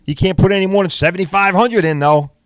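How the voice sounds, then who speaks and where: A man's voice: high-pitched, fast, no room sound, studio quality. An older man hosting a podcast, ranting in a blunt, profane, casual way and firing rhetorical questions straight at his listeners. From New York. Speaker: podcast host.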